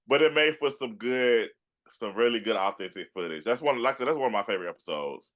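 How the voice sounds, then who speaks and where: A man's voice: medium pitch, lively intonation, quick pace, fairly bright tone. Easygoing man hosting a casual chat. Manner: easygoing, rambling with fillers and restarts. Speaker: podcast host.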